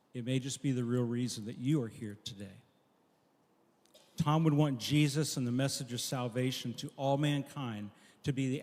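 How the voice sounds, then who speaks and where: A man preaching a memorial sermon, telling a story earnestly and dropping soft at key lines. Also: medium pitch. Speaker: pastor at a memorial service. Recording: long echo of a large hall.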